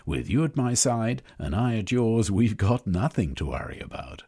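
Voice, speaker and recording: A man voicing a jovial, upbeat gentleman who keeps calling his friend dear fellow. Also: lowish voice, big pitch swings, normal speed, breathy edge, voice pushed up, full character voice. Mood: cheery. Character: jovial, cheery gentleman companion.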